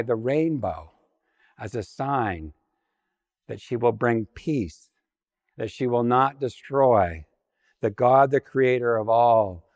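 A man's voice: mid-range voice, in a large hall. A man preaching a sermon, telling scripture stories with playful asides. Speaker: pastor.

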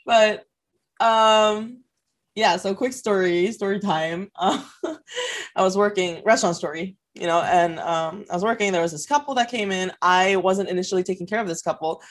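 A woman's voice: medium pitch, normal speed. A woman co-hosting a podcast in casual chat, a bartender who laughs often as she tells her stories. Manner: laughs often while telling animated stories. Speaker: podcast co-host.

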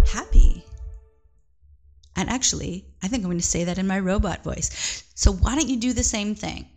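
A woman's voice: mid-range voice, gravelly. Playful, encouraging woman guiding children. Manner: gentle, playful and encouraging, drops into whispers. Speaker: children's mindfulness guide. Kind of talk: guided mindfulness lesson for kids. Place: living room at home.

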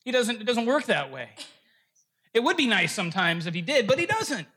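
A man's voice: very high-pitched, very animated, fairly quick, pushed and bright, husky. A man preaching a sermon, playfully telling a joke to his congregation before turning to earnest teaching. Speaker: pastor.

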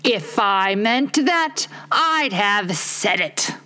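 A woman reading a storybook aloud, putting on a higher, slow, pompous voice for a touchy male egg perched on a wall. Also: lively intonation, pushed and bright, full character voice. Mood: lofty. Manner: pompous, slow, drawn-out emphatic phrasing.

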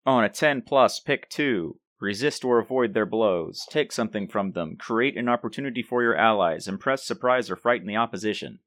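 Low-voiced man narrating a tabletop game. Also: animated, a bit bright, no room sound. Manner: halting, restarts often while describing. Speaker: game master.

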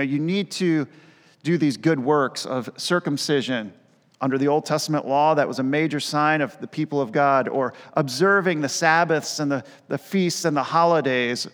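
Male pastor, sermon delivery, emphatic with casual asides, hall reverb. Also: on the high side.

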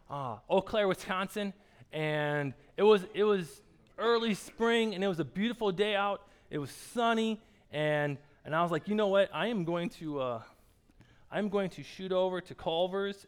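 A man's voice: sits high, moderate pace, clean tone. A pastor telling a casual, rambling story during a sermon, often repeating his words as he starts a sentence.

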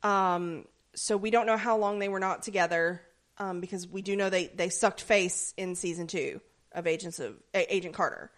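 A woman's voice: lowish voice, moderate pace. Rambling woman podcast co-host. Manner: rambling, filler-heavy, playful. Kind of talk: casual chat.

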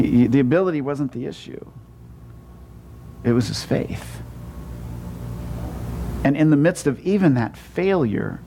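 A pastor preaching a sermon in a conversational way, with frequent stammered restarts and sudden shifts between emphatic and hushed lines. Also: male voice, medium pitch, slight background noise.

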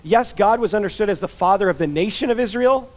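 A man's voice: high-pitched, expressive, quick pace, darkish tone. A man giving a conversational expository sermon as a pastor, chatty and informal, full of "like" and "you know" asides.

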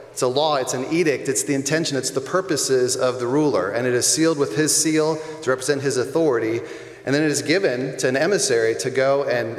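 A male pastor giving a sermon in a conversational, emphatic way, repeating key phrases for weight. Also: medium pitch. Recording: echoey church hall with long reverb.

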